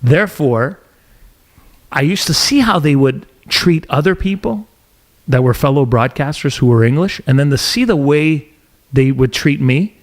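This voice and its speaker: A middle-aged man from Montreal, a podcast host telling a story in casual interview chat with animated, emphatic delivery. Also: on the high side, moderate pace. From Montreal, Canada.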